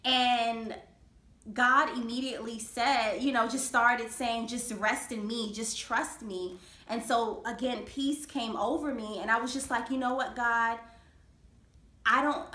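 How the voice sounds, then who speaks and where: A woman's voice: fairly high pitch, bright, forceful tone, reverberant. Earnest woman sharing her story. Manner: earnest, faith-filled storytelling with frequent fillers. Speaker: vlogger. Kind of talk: personal storytime.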